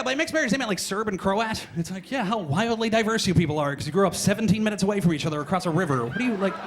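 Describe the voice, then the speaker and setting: Fast-talking high-voiced young male comic. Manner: rapid, rambling, exasperated asides. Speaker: stand-up comedian. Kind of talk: stand-up comedy set. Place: comedy club stage.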